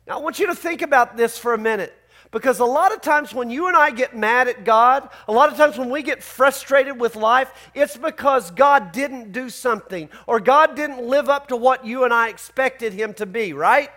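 A man's voice: very high-pitched, normal speed, sharp tone. A man preaching a sermon as pastor, conversational and emphatic, full of rhetorical questions to his church.

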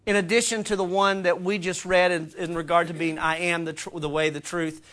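A man's voice: sits high, little pitch movement, a little fast, a bit bright. A man preaching a sermon as pastor, earnest and emphatic, with conversational asides to the congregation. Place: church.

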